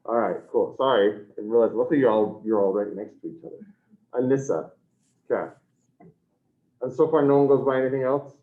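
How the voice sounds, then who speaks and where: A man's voice: mid-range voice, brisk, pauses often. Scattered male teacher on a tinny video call. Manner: scattered, self-correcting, apologetic. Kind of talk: taking attendance in an online class.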